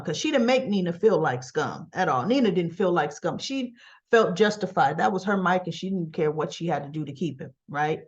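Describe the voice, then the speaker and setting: A woman's voice: fairly low pitch, animated, moderate pace, highs cut off. A woman casually recapping a soap opera episode, retelling the scenes by quoting the characters and often checking in with "right?".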